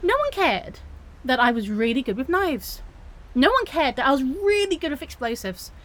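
A woman's voice: high-pitched, big pitch swings, moderate pace, a bit bright, poor audio. A woman voicing a touchy young female otter-girl supervillain who protests indignantly and trips over her words in an audio role-play. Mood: aggrieved. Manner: indignant, flustered, protests too much and stumbles over words.

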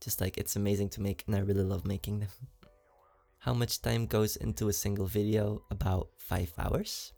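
Low gravelly guy with a slight accent, giggly casual q&a, soft music in the back. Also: level tone, moderate pace. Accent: slight foreign accent. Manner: chatty and giggly, many fillers. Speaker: ASMR creator answering fan questions.

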